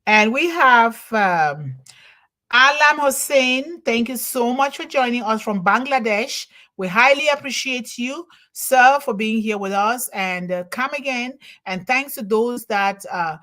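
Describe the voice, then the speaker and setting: A woman's voice: a little high, animated, measured pace, hardly any pauses, a bit bright. A woman who is not a native English speaker hosts a live online show from home. She thanks viewers one by one by name and reads their comments aloud. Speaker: host. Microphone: home livestream over internet.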